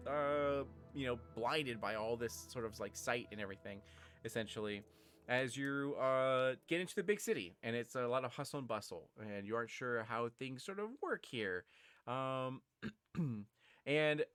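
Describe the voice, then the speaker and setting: Rambling man narrating as game master. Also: medium pitch. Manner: relaxed, rambling narration full of fillers. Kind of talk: narrating a tabletop game on a livestream.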